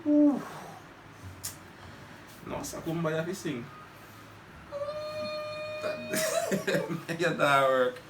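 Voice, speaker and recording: A young man with a Jamaican accent talks in an animated, storytelling way, slipping into Patois. He sits some distance from the mic in a roomy, echoey space with a faint hiss underneath. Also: a little high, a little fast, few pauses. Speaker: guest. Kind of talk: casual chat.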